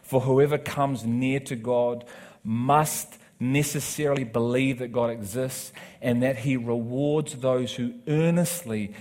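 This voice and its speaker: A man's voice: mid-range voice, slow. New man preaching a story. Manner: animated storytelling with acted quotes, rising to loud emphatic preaching. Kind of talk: sermon storytelling.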